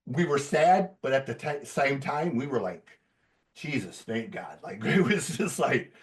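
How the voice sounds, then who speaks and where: A man telling stories on a podcast in a casual, profane, animated way. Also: medium pitch, normal speed, recorded from a distance. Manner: profane, animated storyteller who laughs as he talks.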